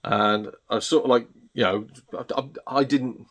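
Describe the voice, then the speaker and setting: A man's voice: mid-range voice, fairly even intonation, moderate pace, a bit bright. A British man hosting a gaming channel, telling a rambling, exasperated story with lots of restarts. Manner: exasperated, chatty, self-interrupting.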